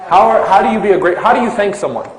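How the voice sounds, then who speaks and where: A man's voice: high voice, very fast, echoey room, rough recording. A man giving an Islamic lecture to a live audience, asking them questions and stretching out key terms for emphasis.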